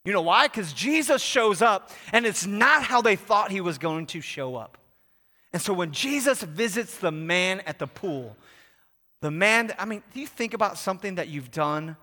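A man preaching a sermon, swinging from hushed to loud and emphatic, joking with the congregation. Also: sits high, animated, normal speed. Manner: jokes with the congregation. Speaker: pastor. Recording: long hall reverb.

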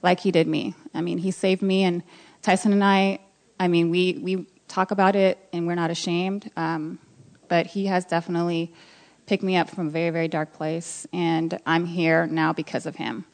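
A woman tells her personal faith testimony, soft-spoken and audibly nervous. Her voice sits a little low, and she stops and restarts often as she works through her feelings. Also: level tone. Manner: soft, emotional, halting with restarts. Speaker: guest sharing testimony.

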